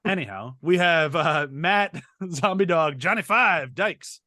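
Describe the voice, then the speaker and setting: A man's voice: a little high, lively intonation, slow, bright, forceful tone, no room sound, studio quality. A man in his thirties hosting a casual podcast chat, joking and rambling, laughing often. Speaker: podcast host.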